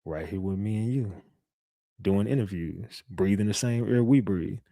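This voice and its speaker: Calm menacing man, low and flat, quoted by a man. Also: normal speed, no room sound, clean studio sound, close to an everyday voice. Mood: ominous calm.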